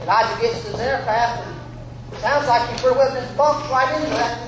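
A man preaching a fervent sermon, shouting out lines and acting out Bible figures in a folksy way. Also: extremely high pitch, fairly even intonation, brisk, background noise. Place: church sanctuary. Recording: echoey room, muffled.

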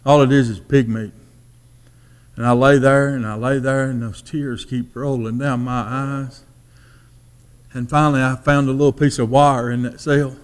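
A man's voice: mid-range voice, flat delivery, moderate pace, clear, resonant tone. Folksy man telling his testimony. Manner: folksy storytelling, drops to a hush for quoted thoughts. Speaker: preacher giving his testimony. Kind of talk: testimony sermon.

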